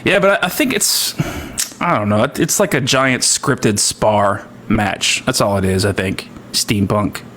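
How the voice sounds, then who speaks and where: A man's voice: on the low side, measured pace, a bit bright, slight background noise. A man chatting casually and rambling, with many fillers. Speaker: comedic streamer. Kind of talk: casual chat.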